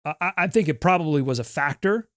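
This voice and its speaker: Man, podcast co-host, somewhat high voice, emphatic, repeats himself for stress, dry close mic. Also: lively intonation, fast talker, a bit bright, dry recording. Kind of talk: casual sports podcast chat.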